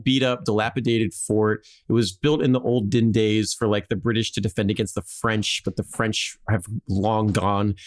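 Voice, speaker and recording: A man hosting a podcast, telling a history story casually with lots of "like" and jokey acted-out quotes. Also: fairly low pitch.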